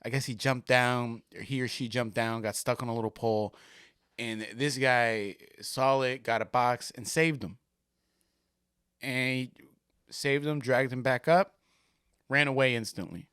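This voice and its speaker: A man's voice: mid-range voice, unhurried, fairly bright tone, smooth, no room sound, studio quality. A man hosting a podcast, chatting casually as he reacts to videos, swearing freely and laughing often. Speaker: podcast host.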